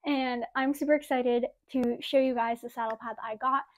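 A young woman with a bright, high voice chats through a casual home unboxing. She gushes with excitement, sounds a little out of breath, and leans on "like" and "oh my gosh" as she talks into a wireless mic. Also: a little fast. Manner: gushing, excitable, many "like" and "oh my gosh". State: slightly out of breath. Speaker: vlogger.

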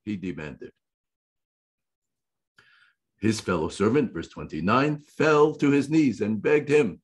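A man preaching a sermon, reading scripture verse by verse and explaining it with deliberate emphasis and repetition. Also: mid-range voice, lively intonation, slightly rough.

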